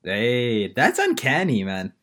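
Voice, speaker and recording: A man co-hosting a casual podcast, joking and making mock-grand pitches to the listeners. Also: huge pitch swings, takes it slowly, a bit bright. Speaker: podcast co-host. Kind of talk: casual chat.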